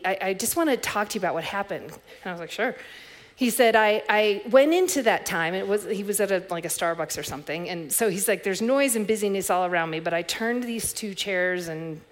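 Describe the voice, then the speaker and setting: A woman's voice: mid-range voice, a little fast, few pauses. Reflective woman preaching a sermon. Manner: reflective, storytelling, many soft restarts. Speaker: pastor.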